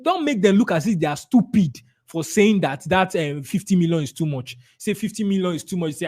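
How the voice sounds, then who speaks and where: A man with a Nigerian accent coaches a room on closing sales. He is emphatic, drills key words again and again, and acts out little dialogues with clients. His voice sits a bit higher than most men's. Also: sing-song, a little fast, few pauses, darkish tone. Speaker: sales trainer. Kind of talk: live sales training talk.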